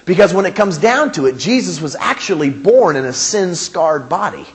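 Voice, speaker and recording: A male pastor preaching a sermon, animated and emphatic, with humor and rhetorical questions. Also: high voice, moderate pace.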